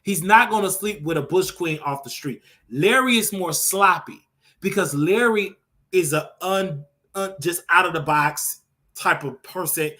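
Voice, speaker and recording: A man hosting a show in a casual gossip chat, telling stories in an animated, dishy way with sudden jumps in pitch. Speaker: show host.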